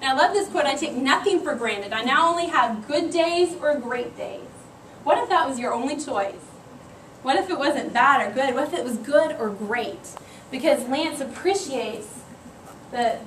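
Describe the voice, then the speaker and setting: A woman, leading a motivational workshop for a class and telling stories in a lively, animated way. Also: sits high, normal speed, slight background noise. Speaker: workplace trainer. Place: meeting room with a live class. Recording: echoey room, mic far off.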